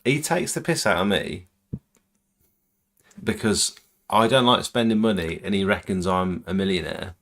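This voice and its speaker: Guy hosting a stream, very deep voice, easygoing, plain-spoken. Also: moderate pace, long pauses, fairly bright tone, a little hiss or hum. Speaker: pressure washing business owner and stream host. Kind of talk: casual chat on a livestream.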